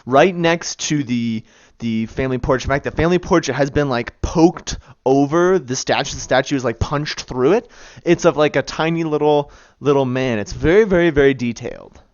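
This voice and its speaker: A man's voice: medium pitch, normal speed, no room sound, lo-fi sound. A man narrating as game master in a tabletop game, loose and chatty, often breaking into laughter.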